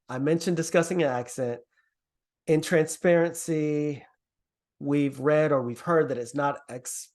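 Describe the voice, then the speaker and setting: Male presenter from the Caribbean, slightly high voice, earnest and encouraging on a video call. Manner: earnest, encouraging, lively pitch swings. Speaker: workshop presenter. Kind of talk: online workshop teaching.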